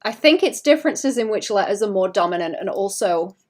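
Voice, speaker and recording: A woman from Wales, talking to her stream audience as she sketches. Her talk is loose and chatty, full of little restarts and fillers as she thinks out loud. Her pitch sits in the middle of the usual range for women. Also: lively intonation, a little fast. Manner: chatty, musing aloud with many restarts and fillers. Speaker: artist streaming while drawing. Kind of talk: casual livestream chat.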